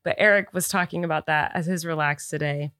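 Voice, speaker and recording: A woman's voice: low-pitched, fairly quick, fairly bright tone, clean tone, no room sound, studio quality. A woman co-hosting a podcast in casual, bubbly chat. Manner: bubbly, effusive. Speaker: podcast co-host.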